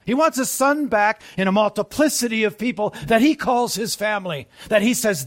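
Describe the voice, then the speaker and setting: A man's voice: high voice, animated, moderate pace, few pauses. Preaching man asking the room questions. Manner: call-and-response questions to the congregation, dropping to soft asides. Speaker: pastor. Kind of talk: sermon.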